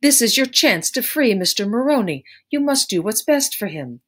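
Storybook: a clever undercover woman detective, low-voiced, coaxing and firm, read by a woman. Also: steady tone, normal speed. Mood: urgent. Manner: coaxing then sharp and urgent.

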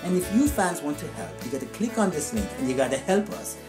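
A woman's voice: sits low, lively intonation, fast, reverberant, music in the background. A woman co-hosting a comedic football podcast, ranting in an indignant, sarcastic, theatrical way. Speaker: co-host and football analyst. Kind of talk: comedic sports podcast rant.

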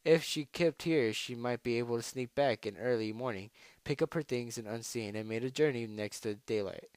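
Brief: a man reading a fan story, halting and self-correcting, dry and close. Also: mid-range voice, a little mellow, clear, resonant tone, no room sound. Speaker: narrator.

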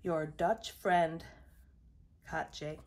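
A woman voicing a generous young Dutch girl who speaks earnestly and slowly, in a storybook read aloud. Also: low-pitched, fairly even intonation, a little mellow.

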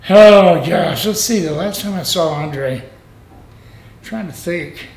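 High-voiced older man rambling. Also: takes it slowly, roomy sound, a crowd in the background. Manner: rambling, animated, laughs often, restarts lines. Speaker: former pro wrestler, interview guest. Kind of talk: casual storytelling interview.

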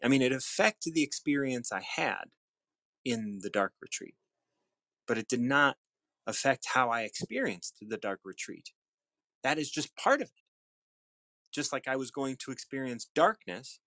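A man hosting a daily reading show, reflecting aloud in a musing, unhurried way with some restarts. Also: mid-range voice, dry recording. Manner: musing, unhurried, with restarts and shifts into soft tones. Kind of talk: reflective reading and casual talk.

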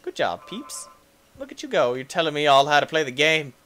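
Excitable, high-voiced gaming guy. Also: clear, resonant tone. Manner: excitable, goofy, quick to laugh and yell at the game. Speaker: gaming YouTuber. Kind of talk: let's play commentary.

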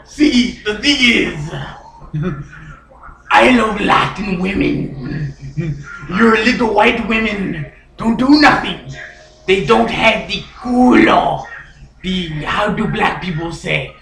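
A man voicing a breathy male lawn man with a put-on Cuban accent, hushed and spitting, in an improvised comedy sketch. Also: high voice, lively intonation, heavily acted. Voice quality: whispery, spitting. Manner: slow, hushed, passionate. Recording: echoey room, mic far off.

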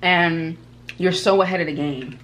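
A woman's voice: lowish voice, a little slow, a bit bright, slight background noise. A woman hosting a casual eating vlog, talking in an emphatic, encouraging way, like an older cousin giving advice. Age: older than 22. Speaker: food vlog host. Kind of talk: casual mukbang chat.

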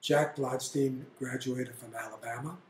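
An older man telling family stories in an interview, blunt and animated. His voice sits at a medium pitch and rings in a roomy, echoey space. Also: measured pace, a little hiss or hum. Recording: roomy echo.

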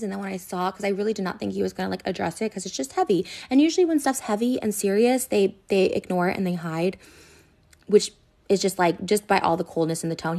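Fast-talking, upset young woman ranting. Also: medium pitch, gravelly. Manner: rambling, filler-heavy, restarts and repeats. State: upset and hurt. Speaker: internet personality. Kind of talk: emotional direct-to-camera rant.

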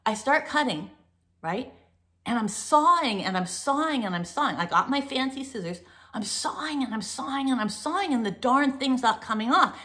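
A chatty woman hosting a casual talk to her viewers, with a bright, forward tone. She rambles through fillers and restarts, laughs easily, and livens up as she tells her stories. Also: on the high side, normal speed. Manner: animated storytelling. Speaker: host.

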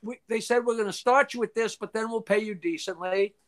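Older man, interview guest, rambling anecdotes, swears freely, clears throat, quotes others. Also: sits high, brisk. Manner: profane, frequently clears throat. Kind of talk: casual storytelling interview.

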